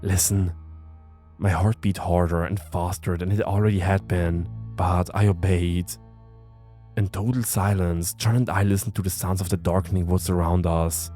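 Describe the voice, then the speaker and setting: A man narrating a first-person horror story in a tense, measured way. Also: low-pitched, fairly even intonation. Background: soft music.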